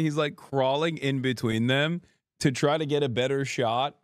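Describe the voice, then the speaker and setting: A man's voice: medium pitch, moderate pace, faint music behind, some chatter behind. Sarcastic, profane man streaming. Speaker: streamer host. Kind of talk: casual livestream reaction commentary.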